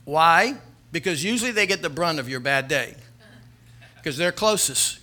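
A man's voice: fairly high pitch, lively intonation, normal speed, bright, forceful tone. A middle-aged man preaching a sermon as a pastor, telling a story earnestly and building to emphatic exhortation.

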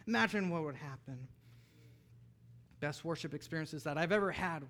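Lively preaching man, high voice. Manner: animated, rises to near-shouting bursts and drops to soft asides. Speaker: pastor. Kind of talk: sermon.

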